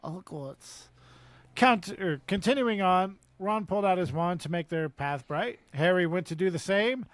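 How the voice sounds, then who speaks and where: A man's voice: sits high, normal speed, hardly any pauses, a bit bright, dry recording. A man hosting a podcast, casually reading through chapter recap notes with chatty asides.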